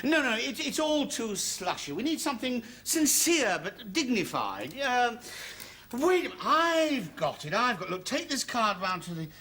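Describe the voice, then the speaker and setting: An actor playing a harassed, well-meaning husband who frets and hesitates in an exasperated way, in a studio sitcom. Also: male voice, very high voice, big pitch swings, moderate pace, background noise.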